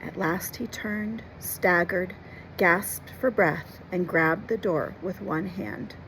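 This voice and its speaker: Expressive woman reading a classic to kids. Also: lowish voice, slow, slight background noise, poor audio. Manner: expressive, stops to explain words. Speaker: storyteller and teacher. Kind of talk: reading a classic novel aloud with explanations for children.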